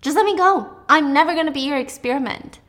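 A woman acting out a teenage girl held prisoner who lashes back in defiance. She is frightened and exasperated, and her voice runs fairly high. It sounds like a casual retelling of a story. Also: a little fast, a bit bright. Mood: angry defiant.

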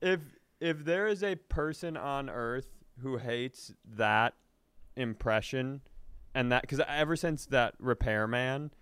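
A man co-hosting a comedy podcast, spinning a story with lots of swearing and restarts. His voice is smooth and resonant, at a medium pitch. The sound is dry and close to the mic. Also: takes it slowly, no echo. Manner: animated, profane storyteller who keeps restarting sentences. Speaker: podcast co-host.

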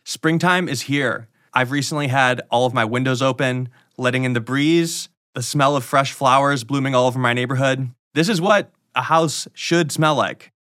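A man's voice: mid-range voice, moderate pace, few pauses, fairly bright tone, dry recording. Male host, casual sponsor read, dry close sound. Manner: casual, chatty ad reading. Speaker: podcast host.

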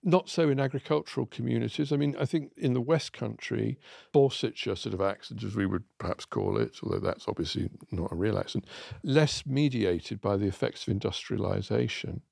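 A man's voice: mid-range voice, expressive, fairly quick, vocal fry, a little mellow, no echo, studio quality. An English man in his sixties, co-hosting a chat show, telling stories and asking himself questions that he then answers. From England. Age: 60s. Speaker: co-host. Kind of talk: conversational explaining.

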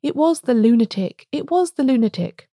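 A woman's voice: mid-range voice, moderate pace, warm tone, no room sound, studio quality, natural voice. A woman reading a storybook voicing an agitated, stammering male curate. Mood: feverish. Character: nervous excited male curate, feverish.

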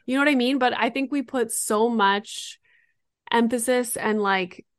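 A woman's voice: a little high, a little slow, dry recording, studio quality. A woman hosting a podcast in casual chat, talking freely and filling her speech with "like". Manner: chatty, says "like" often. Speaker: podcast host.

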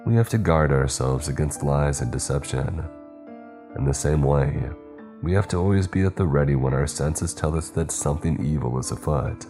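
A man voicing a calm, grave male priest who speaks in a measured, solemn way. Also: extremely low pitch, music in the background.

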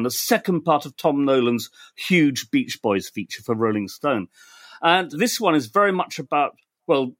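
A man co-hosting a casual podcast, lively and reading quotes aloud with playful voices. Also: mid-range voice, dry recording. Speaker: podcast co-host.

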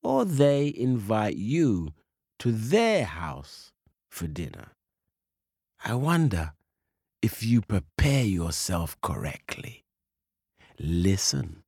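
A man telling a children's story with slow, lively, expressive narration into a close mic. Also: lowish voice, creaky, slightly rough, no echo.

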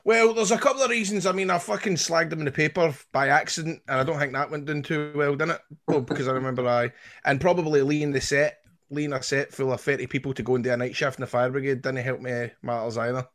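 Scottish male podcast co-host, bright voice, sweary anecdotes. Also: medium pitch, fairly even intonation, fast. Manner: swearing storyteller. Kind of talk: casual chat.

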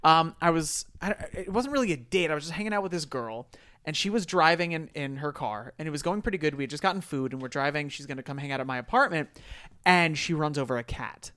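A man's voice: fairly high pitch, fast talker. A man telling funny stories in casual chat, acting out other people's voices as he goes. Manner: animated storyteller who acts out other people's voices.

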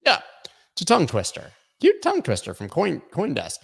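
A man's voice: on the high side, huge pitch swings, brisk, vocal fry, slightly rough. Chatty opinionated man hosting crypto news. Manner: chatty, opinionated, lots of fillers and asides. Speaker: crypto news show host. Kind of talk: casual news commentary. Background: construction noise.

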